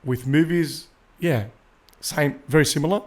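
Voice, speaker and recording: A man's voice: fairly high pitch, a little slow, darkish tone. A man co-hosting a podcast, talking easily in casual chat with tags like "you know what I mean". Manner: easygoing, tag questions, fillers. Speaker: podcast co-host.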